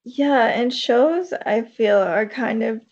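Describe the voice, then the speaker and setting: A woman's voice: fairly high pitch, slow pace, a little mellow. A woman co-hosting a podcast, speaking in a reflective way and using lots of fillers. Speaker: podcast co-host. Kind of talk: casual chat. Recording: dull lo-fi mic.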